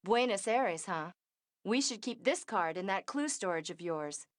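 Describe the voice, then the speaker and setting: A woman's voice: mid-range voice, animated, measured pace, no room sound, lightly acted. An actress voicing a female detective partner in a video game, with a dry, knowing delivery. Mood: wry.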